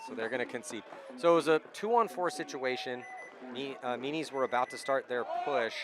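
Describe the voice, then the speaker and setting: A man's voice: mid-range voice, noisy background. A man from California calling a paintball match, talking it through in a chatty, analytical way while commentating outdoors. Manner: chatty, analytical, quick to laugh. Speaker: play-by-play commentator. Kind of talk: live sports commentary.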